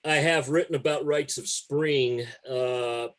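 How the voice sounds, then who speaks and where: A man's voice: medium pitch, fairly even intonation, takes it slowly, a bit bright. A man, a music writer guest telling stories in a casual, profane and emphatic way. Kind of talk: casual conversation.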